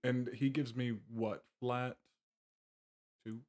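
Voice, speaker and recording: A man playing in a tabletop role-playing game, talking in a halting, stammering way. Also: medium pitch, little pitch movement, darkish tone, soft background music. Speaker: guest player.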